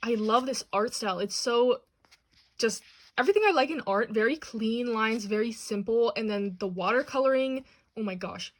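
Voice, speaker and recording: A woman's voice: a little high, normal speed. Bubbly young woman gushing over a haul. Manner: bubbly and gushing, excitable asides. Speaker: channel host. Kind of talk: manga haul and unboxing vlog.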